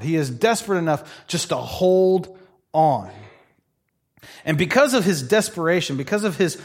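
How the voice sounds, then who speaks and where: A man preaching in a loose, conversational manner, slightly high-pitched. He tells stories with animated energy and playful asides. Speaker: pastor. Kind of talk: sermon.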